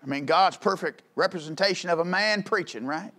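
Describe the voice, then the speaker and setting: A man preaching a sermon in a church, with folksy, conversational delivery full of rhetorical questions, building to loud calls. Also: sits high, a little fast. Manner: rises to loud calls in the climaxes. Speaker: pastor.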